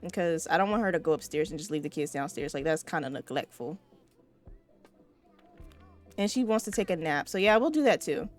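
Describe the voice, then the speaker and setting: A woman's voice: low voice, animated, a little fast, long pauses, soft background music. A woman giving casual, chatty gameplay commentary, swearing freely and talking straight to her viewers. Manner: chatty, profane, addresses viewers. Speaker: let's play host.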